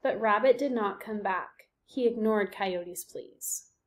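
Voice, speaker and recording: A woman's voice: mid-range voice, takes it slowly. A woman teacher giving a recorded reading lesson, explaining patiently and often checking in with her students. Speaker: elementary school teacher.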